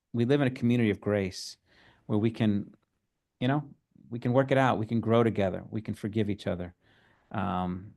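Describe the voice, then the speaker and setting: Soft-spoken man leading a Bible study. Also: fairly low pitch, creaky. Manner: thoughtful, halting, many fillers. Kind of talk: casual teaching talk.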